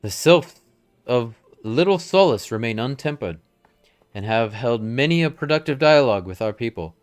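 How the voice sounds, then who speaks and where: A man's voice: mid-range voice, expressive, moderate pace, close to an everyday voice. A man voicing a stern, formal male military commander with a stately, old-fashioned delivery, reading game dialogue aloud.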